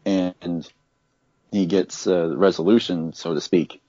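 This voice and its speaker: A man's voice: sits low, steady tone, slow pace, warm tone, dry recording, dull audio. A man in a casual book discussion, explaining in a matter-of-fact way.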